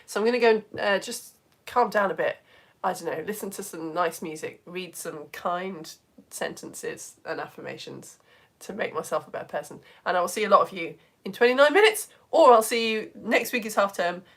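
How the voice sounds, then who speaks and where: A woman's voice: on the low side, moderate pace. A woman from the UK hosting a live online lesson, chatting casually with viewers in a self-mocking, giggly, rambling way. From United Kingdom.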